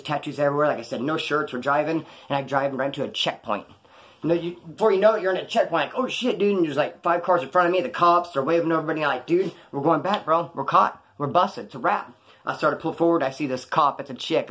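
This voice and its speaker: A husky, slightly high-voiced man rattling off his story at a rapid clip. He tells it casually, in slang and swearing. He slips into the voices of the people he quotes. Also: a bit bright. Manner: slangy and profane, acts out quoted dialogue. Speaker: former inmate telling his story.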